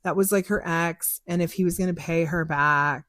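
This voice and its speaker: A woman's voice: fairly low pitch, steady tone, normal speed, a bit bright, no room sound, studio quality. A young woman hosting a show, chatting candidly about her psychic work, laughing often and acting out conversations. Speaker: psychic podcast host. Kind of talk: casual chat answering listener questions. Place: car.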